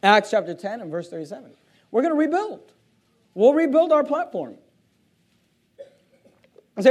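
High-pitched fiery preaching man. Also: very animated, normal speed, long pauses, slightly rough. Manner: impassioned and indignant, swinging from loud bursts to low intensity; reads scripture aloud and answers imagined questions. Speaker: pastor. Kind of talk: fiery sermon. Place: church sanctuary.

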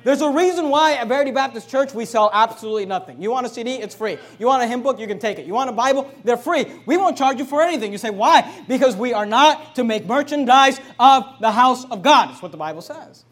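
High-voiced emphatic male preacher. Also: expressive, quick pace, hardly any pauses. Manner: emphatic preaching with sudden loud rises and quiet asides. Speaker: pastor. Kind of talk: fiery sermon. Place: church sanctuary.

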